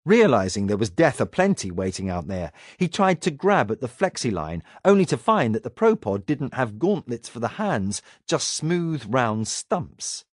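A man reading science fiction narration aloud in a dramatic, expressive way. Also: medium pitch, moderate pace, few pauses, dry recording, studio quality. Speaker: audiobook narrator. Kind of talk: scripted narration.

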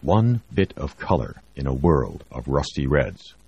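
A man narrating a science fiction audiobook in a steady, measured way. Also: a bass voice, slightly rough, dry recording, dull audio. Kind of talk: scripted narration.

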